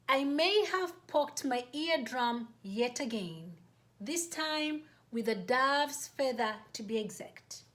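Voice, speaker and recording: A woman host reading her own personal story aloud, in a measured, deliberate way. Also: high voice.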